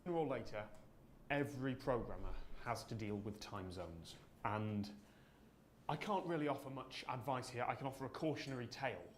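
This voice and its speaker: A man's voice: mid-range voice, animated, normal speed, a little hiss or hum. A man presenting a scripted explainer in a wry, storytelling manner. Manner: wry, storytelling, self-deprecating.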